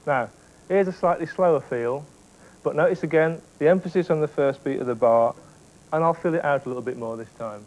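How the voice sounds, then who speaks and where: A man teaching drum technique step by step, explaining clearly and counting beats aloud. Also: on the high side, brisk, a little mellow, soft background music, rough recording. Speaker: drum instructor. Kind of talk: instructional explanation with demonstrations.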